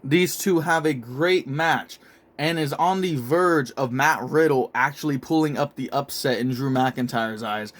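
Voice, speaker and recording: Young guy, kinda high voice, swearing a lot while he hypes up a wrestling story. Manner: profane, excitable play-by-play narration. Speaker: show host narrating a toy wrestling storyline. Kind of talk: casual spoken storytelling.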